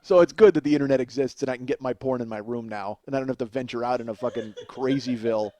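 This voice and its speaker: In a fairly quick, mid-range voice, a male comedian host rattles off an extended profane tale as a solo monologue. He's animated, chuckling through his sentences along the way.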